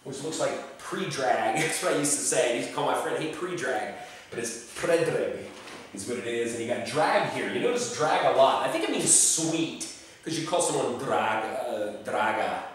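A man's voice: mid-range voice, recorded from a distance. A man talks through a casual lesson, drawing out each name he teaches. He sits back from the mic in a very echoey room, and a faint hiss runs underneath. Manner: chatty, pronounces names slowly and repeats them. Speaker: travel tips presenter. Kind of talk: casual explanatory talk.

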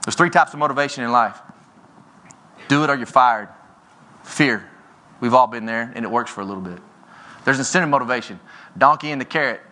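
A man in his forties giving a motivational keynote speech from a conference stage, telling stories with energy and often rising in pitch and volume. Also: fast, pushed and bright. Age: 40s. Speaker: keynote speaker. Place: conference stage before an audience.

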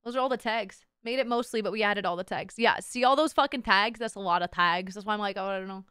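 A young woman livestreaming as a VTuber, chatting with her viewers in an excitable, playful way, swearing and laughing often. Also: medium pitch, fast talker, clean tone, dry recording, clean studio sound. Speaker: VTuber streamer. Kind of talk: casual livestream chat.

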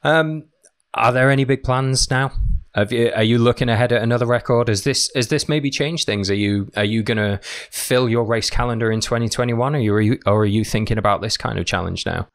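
A man's voice: mid-range voice, a little fast. A man hosting an endurance sports interview podcast, asking encouraging questions. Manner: warm, encouraging questions with restarts. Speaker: podcast host.

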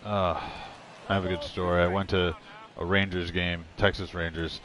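A man's voice: sits low, level tone, normal speed, background noise. A man giving casual, rambling commentary while playing a video game, blunt and full of swearing. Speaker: gaming streamer. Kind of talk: casual let's-play commentary.

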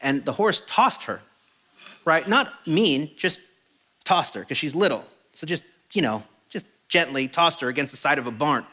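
A middle-aged man preaching a sermon as a pastor, telling stories in an animated, self-deprecating way. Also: on the high side, normal speed. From Mexican heritage. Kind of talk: storytelling sermon. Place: church auditorium.

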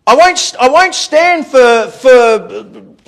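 A man preaching a sermon as pastor in a church, animated, repeating words and laughing at his own stories. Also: extremely high pitch, very slow, creaky. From Australia.

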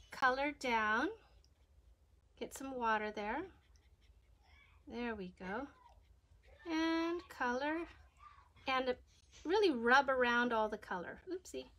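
A gentle woman guides children through a drawing lesson, talking through each step as she works. Her voice sits a little high, and her tone is chatty and unhurried. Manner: gentle, chatty, thinking aloud while drawing. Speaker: kids yoga and art teacher.

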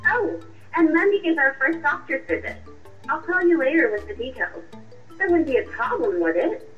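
A woman voicing a sharp, confrontational young girlfriend in a radio drama, with a cutting, accusing way of talking. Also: high voice, very animated, normal speed. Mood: triumphant. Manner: cutting, accusing, coolly triumphant. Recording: muffled distant voice with music.

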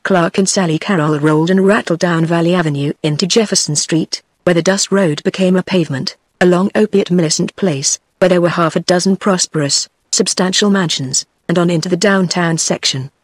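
A text-to-speech woman's voice with a British English accent, reading a novel aloud in an even, steady manner. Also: lowish voice, a little fast, hardly any pauses, no room sound. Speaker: audiobook reader. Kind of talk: scripted narration.

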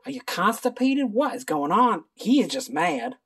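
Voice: medium pitch, very animated, moderate pace, fairly bright tone, husky. A booktuber running through a book list in a casual, sarcastic, irreverent ramble with mild swearing. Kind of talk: casual book haul video.

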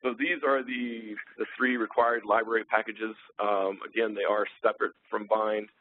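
A man presenting a technical webinar, relaxed and full of ums and uhs as he thinks aloud. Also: on the low side, normal speed, dry recording. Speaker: webinar presenter, sales engineer. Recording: tinny phone-line audio.

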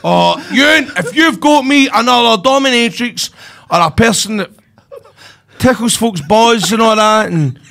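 A Scottish man co-hosting a podcast in casual, sweary, excitable chat. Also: very high-pitched, a little slow, vocal fry. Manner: sweary, excitable, blurts things out. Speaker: podcast co-host.

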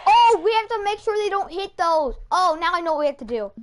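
High voiced woman gaming with a friend, excitable and chatty, noisy recording with clicks. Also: fairly quick. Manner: excitable, chatty, laughs often. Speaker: gamer. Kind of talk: casual gaming commentary.

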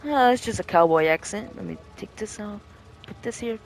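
A man with a high, creaky voice speaks briskly while hosting a goofy game roleplay. He narrates casually, joking, laughing and apologizing to his robot sidekick.

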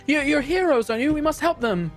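An earnest companion, as a man voices her in a tabletop game. Very high and a little loud, pleading insistently with the heroes. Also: animated, fast talker, soft background music.

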